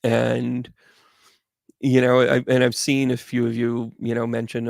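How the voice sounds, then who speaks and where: A man's voice: medium pitch, little pitch movement, slow pace, creaky, long pauses, dry recording, clean studio sound. A middle-aged man, hosting and telling a rambling story in a chatty way, with frequent restarts. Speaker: host, medium. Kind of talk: casual storytelling to a live audience.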